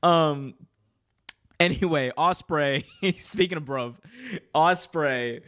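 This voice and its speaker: A young man with a somewhat high voice, hosting a casual wrestling podcast. He talks with eager enthusiasm, joking and hyping up upcoming matches. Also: slow, a bit bright. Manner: enthusiastic, jokey, hype-building. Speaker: podcast host.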